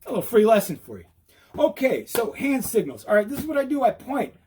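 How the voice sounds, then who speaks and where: A man giving an animated, repetitive how-to talk while riding outdoors, out of breath. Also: extremely high pitch, fairly quick, husky. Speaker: e-bike vlogger. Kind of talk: casual instructional talk.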